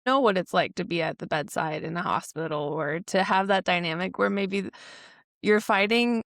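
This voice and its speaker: A woman's voice: lowish voice, normal speed, fairly bright tone, no echo, studio quality. A woman hosting a podcast interview, speaking in a reflective, affirming way. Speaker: podcast host. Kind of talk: interview conversation.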